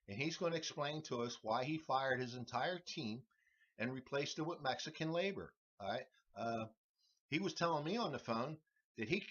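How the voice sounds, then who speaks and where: A man hosting a comedy show, delivering a rambling deadpan monologue full of restarts and "all right"s. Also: medium pitch, husky. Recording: dull lo-fi recording.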